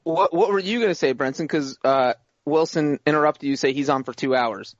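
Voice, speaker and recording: A man's voice: on the high side, a little fast, dry recording, lo-fi sound. A man co-hosting a casual sports podcast, arguing his points and speculating. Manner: argumentative, speculating. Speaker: podcast co-host.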